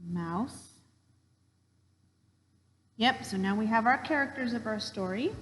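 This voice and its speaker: Slow, patient woman teacher telling a story. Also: fairly high pitch, lively intonation, big-room sound, a little hiss or hum, low-quality recording. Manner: gentle and patient, talks while drawing. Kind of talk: storytelling lesson for children.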